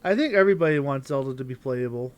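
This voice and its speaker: A man's voice: mid-range voice, lively intonation, quick pace, smooth, no room sound. A young adult man streaming a game live, chatting to his viewers and thinking aloud while he plays. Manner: thinks aloud while playing and reading chat. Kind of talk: live gameplay commentary.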